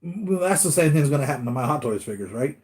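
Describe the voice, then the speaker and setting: A man's voice: fairly high pitch, lively intonation, fast, a little mellow. A man hosting a live stream about his collectibles, chatting casually and rambling, acting out the voices of people in his stories. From United States. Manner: rambling, acts out voices of others in anecdotes. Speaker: collectibles channel host.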